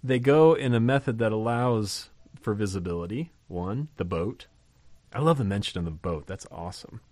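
A man's voice: lowish voice, lively intonation, normal speed, darkish tone, no echo. A man teaching from the Bible in a conversational way, reading verses aloud and asking the listeners rhetorical questions with enthusiasm. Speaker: pastor.

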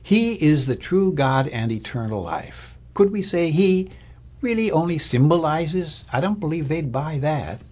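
A man's voice: on the high side, animated, unhurried, darkish tone. A man preaching a sermon as a pastor, in a conversational, thoughtful way with fillers and restarts. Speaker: Lutheran pastor or Bible teacher.

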